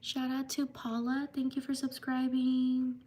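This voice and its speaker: A woman live streaming who reads out viewer shout-outs slowly, stumbling over names and apologizing for them. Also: sits high, monotone, husky, far from the mic. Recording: voice a bit off-mic with faint background hiss.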